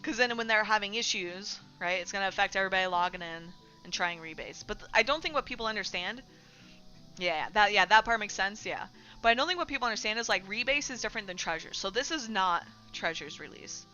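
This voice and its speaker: A woman streamer talking bluntly and casually to her chat, swearing now and then. Her voice is bright and a little forceful. The sound is somewhat dull and lo-fi, with faint music running underneath. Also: mid-range voice, lively intonation, fast. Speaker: streamer host. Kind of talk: casual livestream commentary.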